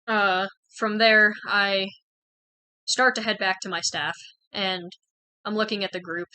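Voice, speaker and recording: A woman's voice: mid-range voice, fairly even intonation, unhurried, pushed and bright, clean tone, no echo, poor audio. A young woman candidly telling a personal story in a frank, conversational way, full of "like" and "um". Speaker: channel host sharing personal experience.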